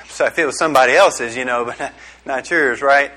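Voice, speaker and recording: A man's voice: mid-range voice, moderate pace, pushed and bright. A middle-aged man giving a casual youth sermon, joking and quizzing his audience. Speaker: youth pastor. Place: small room with a group.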